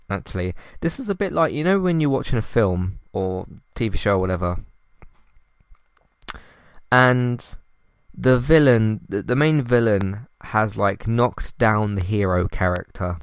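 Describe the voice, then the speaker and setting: A man's voice: lowish voice, dry recording, clean studio sound. A man hosting a casual solo podcast, rambling and exasperated, sighing and restarting his sentences. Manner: frustrated, rambling, many restarts and sighs. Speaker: podcast host.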